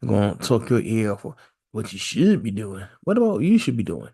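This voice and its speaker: Husky, creaky and mellow, this man's fairly low voice has a sing-song lilt and moves a little fast. Hosting a podcast on his own, he thinks out loud in a loose, repetitive way, throwing out one rhetorical question after another.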